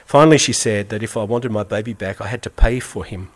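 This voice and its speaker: Low-voiced man reading a story aloud. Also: quick pace. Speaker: reader.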